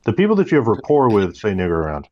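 A man co-hosting a podcast in casual banter, with a flat, matter-of-fact delivery. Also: lowish voice, racing, dull audio. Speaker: podcast co-host.

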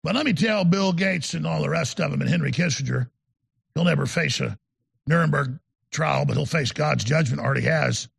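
A man hosts a talk show in an emphatic, rambling monologue. His voice sits high and rough with heavy gravel, and it has a husky edge. He often stumbles back over his own words. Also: normal speed. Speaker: show host.

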